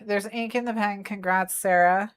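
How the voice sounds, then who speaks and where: A woman's voice: mid-range voice, steady tone, moderate pace, clear, resonant tone. Woman yapping over a craft stream, playful and chatty, talks to her cat a lot. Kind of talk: casual chat while crafting. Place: home craft desk. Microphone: desk mic, faceless desk view.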